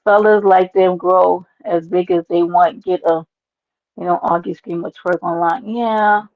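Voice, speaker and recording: A woman hosts a livestream, chatting loudly with viewers and calling them out by name. Her talk is brash and animated, with plenty of swearing. The stream audio sounds dull and lo-fi. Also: lowish voice, unhurried. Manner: loud, animated, talks to chat by name, swears. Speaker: livestream host. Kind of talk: casual livestream chat reading comments.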